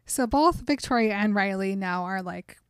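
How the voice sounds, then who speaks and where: A woman co-hosting a podcast, retelling a book in a lively, casual way with fillers and laughs. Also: medium pitch, normal speed, smooth, no echo. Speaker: podcast co-host.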